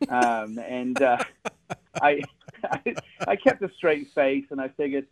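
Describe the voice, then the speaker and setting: A man's voice: medium pitch, animated, a little slow. An Englishman with a British accent telling his story as a podcast guest, chatty and laughing often. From England. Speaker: guest, recruiting firm CEO. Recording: phone-like narrow line.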